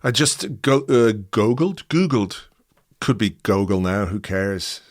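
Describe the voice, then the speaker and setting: A man's voice: on the low side, animated, slow pace. A middle-aged man hosting a casual chat in a dry, wry, laid-back way. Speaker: podcast host.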